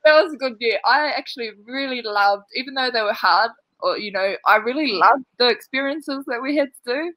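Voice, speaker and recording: A New woman with a slightly high voice catches up with a friend over a video call. She laughs easily and acts out the voices in her anecdotes. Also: brisk, few pauses, bright, forceful tone, dry recording. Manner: chatty, laughing, acting out quoted voices. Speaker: netball player, guest. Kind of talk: casual video call chat.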